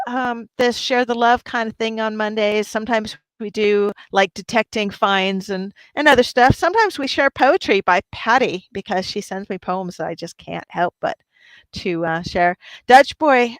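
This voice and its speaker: Woman host, fairly high voice, dry close sound, chatty and upbeat with chat. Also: fairly bright tone, no echo. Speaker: livestream host. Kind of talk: casual livestream chat.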